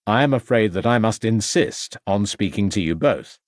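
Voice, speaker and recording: Brief: narrator playing a formal, courteous detective inspector, lowish voice, crime audiobook. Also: male voice, animated, normal speed, no room sound, clean studio sound, natural voice. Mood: polite. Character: polite, calculating male police inspector.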